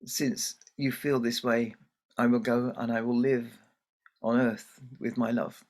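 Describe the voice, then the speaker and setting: A man voicing a young hare daughter who answers calmly and firmly in a told folktale. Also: medium pitch, unhurried, lightly acted. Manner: calm, firm, quiet.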